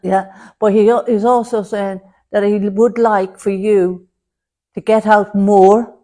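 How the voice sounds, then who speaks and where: A woman's voice: mid-range voice, fairly even intonation, takes it slowly. Chatty woman medium. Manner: chatty, warm terms of address, relays messages in quotes. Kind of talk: platform mediumship demonstration. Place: spiritualist centre hall before an audience.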